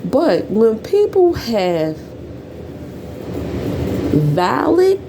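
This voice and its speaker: A woman ranting bluntly and profanely as a YouTube commentator at home, dropping to low mutters and jumping to sharp high bursts. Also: wildly swooping pitch, very slow, background noise.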